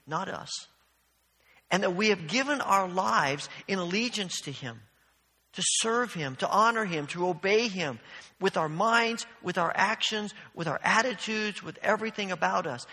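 A man's voice: high-pitched, sharp tone, long reverb tail. A man preaching a sermon as pastor, earnest and storytelling, often restarting his phrases.

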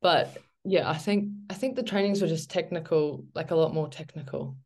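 Low-voiced New woman, relaxed. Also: normal speed. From New Zealand. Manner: relaxed, rambling, with many fillers and "like". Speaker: guest, professional footballer. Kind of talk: casual interview chat.

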